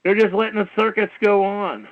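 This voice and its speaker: A man with a high voice hosts a call-in talk show through a dull, lo-fi internet radio stream. He lectures in a heated, rambling way, repeats himself and fills gaps with "you know" and the odd curse. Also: a little fast. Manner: repetitive, peppered with "you know", swearing.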